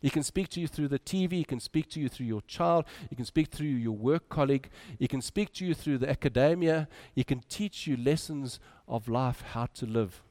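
A man preaching a sermon, moving between loud urging and quiet, soft drops. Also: medium pitch, moderate pace, few pauses.

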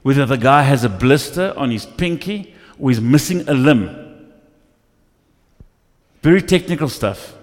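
A male pastor preaching a sermon, telling stories with lively acted asides in a church. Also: mid-range voice, unhurried, pauses often. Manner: animated storytelling with acted asides. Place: church hall. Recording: echoey church hall.

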